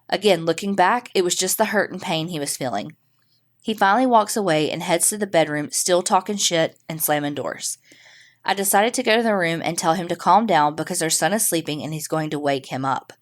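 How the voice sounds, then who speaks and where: Low-voiced woman reading a ghost story. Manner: dramatic storytelling with slowed suspense beats. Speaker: podcast host. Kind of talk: reading a listener's story aloud.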